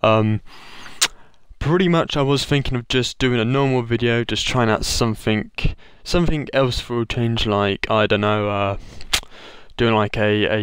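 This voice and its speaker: Man, gaming channel host, casual rambling talk, mid pitch, clean resonant tone. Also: smooth, no echo. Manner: rambling, loose, with restarts and trailing phrases. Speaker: gaming YouTuber. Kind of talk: casual vlog update to viewers.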